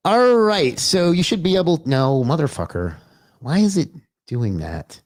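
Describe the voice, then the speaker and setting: A man's voice: mid-range voice, very animated, moderate pace, darkish tone, dry recording. A man hosting a casual livestream, greeting viewers by name and chatting loosely, with the odd curse. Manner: loose and chatty, swears, talks to himself. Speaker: livestream host.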